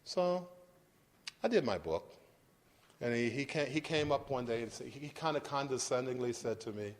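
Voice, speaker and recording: A man's voice: medium pitch, lively intonation, normal speed. A middle-aged man giving an informal university lecture to an audience, talking conversationally with frequent restarts and checks for understanding. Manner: conversational, repeats and restarts, asks "does that make sense". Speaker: guest lecturer.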